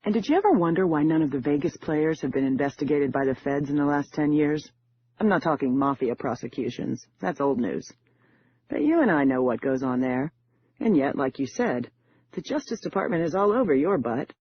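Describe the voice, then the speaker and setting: A man voicing a confident female con artist who speaks smoothly and self-assured. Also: a little high, animated, a little fast, no echo, lo-fi sound. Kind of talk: audiobook character voice.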